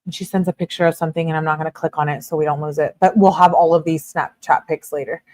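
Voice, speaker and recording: A woman's voice: low voice, steady tone, fast, darkish tone. A woman hosting a channel, reading text messages aloud, commenting on them and reacting to viewer chat. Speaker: channel host.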